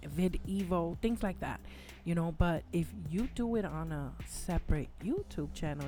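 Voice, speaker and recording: A woman's voice: on the low side, measured pace, dark tone, soft background music. A woman with a Spanish accent co-hosting a casual live stream, chatty and sometimes fumbling her words.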